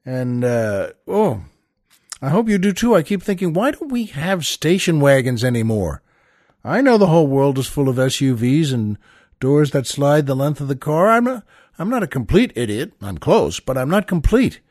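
With a fairly high pitch that swings widely, this older podcast host talks at a normal speed in a slightly mellow tone. The studio-quality recording is dry, and his storytelling monologue is casual and meandering, peppered with "uh"s and restarts as he calls his audience "folks."

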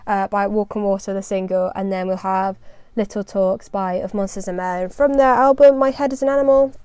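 A woman's voice: mid-range voice, fairly even intonation, brisk, darkish tone, clear, resonant tone, dry recording. A young woman from the UK hosting her own podcast, chatting casually and rambling, with a self-deprecating humour. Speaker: podcast host. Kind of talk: casual solo podcast chat.

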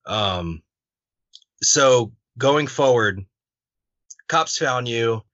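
A man's voice: medium pitch, animated, drawn-out words, a bit bright, no room sound. A man hosting a podcast interview, casual and blunt, swearing freely and filling his questions with ums. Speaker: podcast host. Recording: dull, muffled dry recording.

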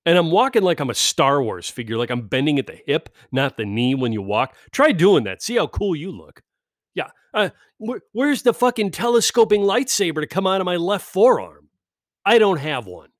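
A middle-aged man on a podcast, ranting sarcastically and swearing constantly, mocking people in high put-on voices. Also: big pitch swings, normal speed, no room sound, studio quality. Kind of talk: profane comedic rant. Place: California.

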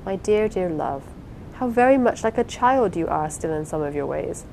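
A woman reading the part of a reserved, proper young husband in an audiobook, speaking in a measured, formal, gently reproving way. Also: on the low side, animated, gravelly, a little hiss or hum, rough recording.

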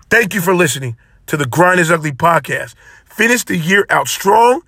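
A man's voice: on the high side, lively intonation, normal speed, pushed and bright, no echo. A man hosting his own podcast alone, talking in an impassioned, preachy way and repeating phrases for emphasis. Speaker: podcast host. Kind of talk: solo motivational podcast talk.

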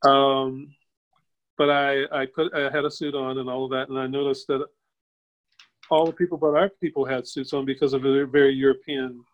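An older man, a guest on a video call, tells a personal story in a casual way. He acts out the quoted voices with sudden jumps up in pitch and chuckles as he goes. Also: level tone, normal speed, highs cut off. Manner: chuckles while telling. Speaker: interview guest.

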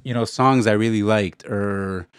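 Young male co-host, easygoing and halting, low voice, dry close mic. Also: clean tone, no echo. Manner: relaxed, hesitant, filler-heavy talk. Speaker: podcast co-host. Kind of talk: casual chat.

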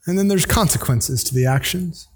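A man preaches a sermon in an earnest, conversational manner and often breaks off for side notes. His voice sits high for a man. A long reverb hangs behind it, as in a large hall. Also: normal speed, breathy edge.

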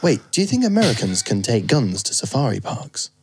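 A man's voice: mid-range voice, sing-song, a little fast, a little mellow, slight background noise. A man co-hosting a podcast, chatting playfully and giggling often. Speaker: podcast co-host. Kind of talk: casual comedy chat.

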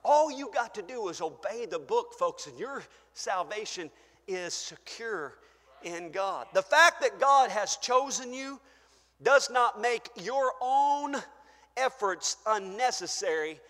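An older man preaching a fervent sermon as pastor in a church, shouting praise and then dropping to a hush. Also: high-pitched, expressive, slow. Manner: shouting, exclaiming hallelujah, swinging between loud and soft. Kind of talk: pentecostal sermon. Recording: church hall reverb.

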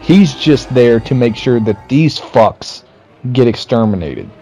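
Male podcast co-host, mid-range voice, relaxed and profane. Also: mid-range voice, unhurried, faint music behind. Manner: profane, laughs while arguing points. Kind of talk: casual movie discussion.

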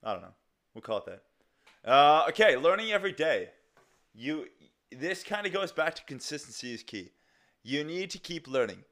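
A man's voice: a little high, very animated, moderate pace, pauses often, fairly bright tone. A young man hosting a casual solo podcast, rambling loosely with lots of fillers and restarts and some casual swearing. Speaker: podcast host.

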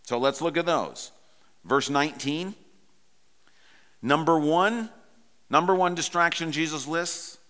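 A pastor in his forties gives a sermon and mixes teaching with personal stories in an easy, conversational way. His voice sits a bit high and sounds bright and forceful. A long church-hall reverb trails behind every phrase.

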